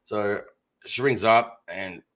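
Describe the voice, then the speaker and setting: A man's voice: on the low side, slow pace. A man co-hosting a casual chat show, blunt and given to swearing while telling stories. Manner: blunt and swearing, lively storyteller. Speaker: podcast co-host.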